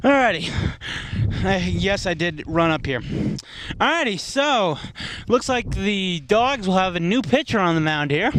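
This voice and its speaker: A man with a Boston accent giving halting, filler-filled commentary at an outdoor baseball game. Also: high-pitched, fairly bright tone. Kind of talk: casual play-by-play. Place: outdoors at a ballfield. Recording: wind noise outdoors.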